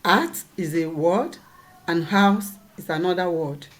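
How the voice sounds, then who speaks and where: A woman's voice: on the low side, takes it slowly. A woman teaching a lesson, patiently repeating points and checking that her students follow. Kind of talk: classroom lesson.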